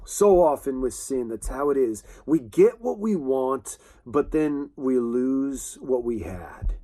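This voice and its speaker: Man, preacher, earnest sermon, halting and repetitive, fairly high-pitched. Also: darkish tone. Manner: earnest, halting delivery with frequent restarts and fillers.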